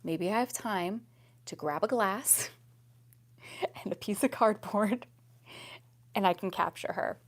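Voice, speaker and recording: Animated young woman telling a story. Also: medium pitch, takes it slowly, long pauses. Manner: animated, swings between loud exclamations and hushed whispers; laughs often while talking. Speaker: vlogger. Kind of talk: casual storytelling to viewers.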